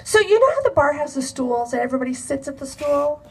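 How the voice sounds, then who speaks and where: A woman telling a personal story to an audience in an animated, expressive way. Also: sits high, fast talker, vocal fry, far from the mic, a little hiss or hum, low-quality recording. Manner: animated, expressive, acts out quoted dialogue with laughs. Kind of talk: personal anecdote told to a live audience.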